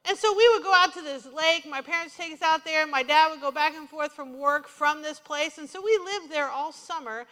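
Woman preacher, high and bright, lively storytelling sermon, church hall reverb. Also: fairly quick, hardly any pauses. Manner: animated storytelling, quoting herself and others. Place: church sanctuary.

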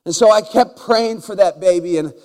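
A male pastor preaching a story in a church sanctuary, his voice sitting a little high for a man. He talks in animated swings between loud bursts and soft asides and repeats words as he goes. A long hall reverb trails behind him. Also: normal speed. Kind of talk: storytelling sermon.

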